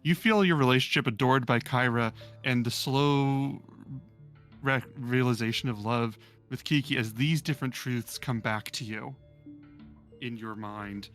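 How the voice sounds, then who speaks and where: A man's voice: mid-range voice, unhurried, fairly bright tone, faint music behind. A man narrating a tabletop role-playing game as game master, describing the scene with casual fillers.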